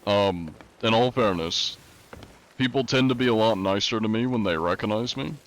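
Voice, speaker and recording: A young adult man livestreaming, chatting casually with his viewers in a relaxed, rambling way with many fillers. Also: on the low side, normal speed. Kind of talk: casual chat with stream viewers.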